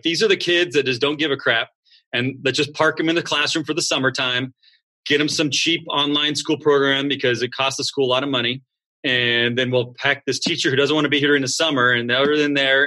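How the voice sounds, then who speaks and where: Bright-voiced man acting out coaches. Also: medium pitch. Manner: animated, acts out students and coaches in quick voices. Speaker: school founder. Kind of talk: casual interview talk.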